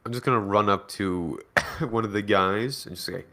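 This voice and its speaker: A man's voice: on the low side, moderate pace, pushed and bright. A man playing in a tabletop game and chatting eagerly with the group. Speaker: player. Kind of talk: casual tabletop game chat.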